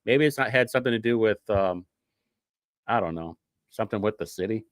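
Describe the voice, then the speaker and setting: A show host with a lowish, expressive voice, talking a little fast, reads from documents in a casual, sarcastic, rambling manner, often interrupting himself. Studio-quality recording with no room sound.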